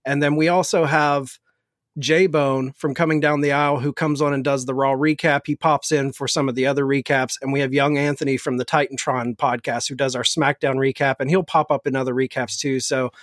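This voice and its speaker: A man's voice: mid-range voice, level tone, brisk, dry recording, clean studio sound. A man guesting on a casual podcast, easygoing and enthusiastic.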